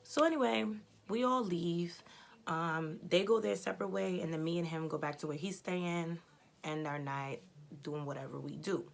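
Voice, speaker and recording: A woman's voice: fairly low pitch, normal speed, vocal fry. A woman in her twenties telling a personal story in a casual, blunt, chatty way, swearing freely. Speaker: storytelling vlogger.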